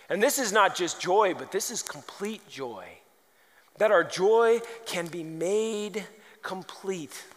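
A man's voice: high-pitched, a bit bright. A man preaching a sermon, firing off rhetorical questions and telling humorous stories. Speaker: pastor. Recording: long hall reverb.

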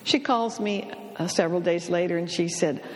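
A middle-aged woman from California giving a storytelling talk about communication, speaking slowly and deliberately and acting out the voices she quotes. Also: lowish voice, big-room sound.

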